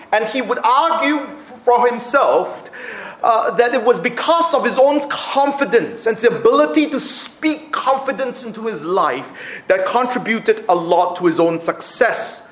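A man preaching a sermon, acting out quotes with laughs. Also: very high voice. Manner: animated, acts out quotes with laughs. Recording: echoey room.

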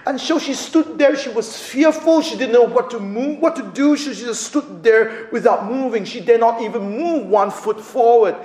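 Male pastor, high voice, animated storytelling sermon, echoey room. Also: moderate pace, hardly any pauses. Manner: animated, big swings from loud to hushed.

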